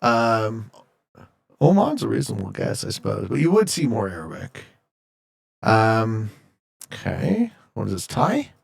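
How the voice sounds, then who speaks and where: Jokey gravelly male streamer chatting. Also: on the low side, huge pitch swings, unhurried, pauses often. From Canada. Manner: jokey, reads viewer chat aloud and answers. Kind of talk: casual live-stream chat while gaming.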